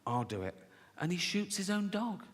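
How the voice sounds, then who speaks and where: An English man telling profane, chatty stories as a stand-up comedian, slipping into quick voices for the people in his tales. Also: high-pitched, big pitch swings. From England. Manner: profane, conversational storytelling with sudden acted-out voices. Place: large theatre stage before a live audience. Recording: live theatre recording, roomy reverb, audience noise.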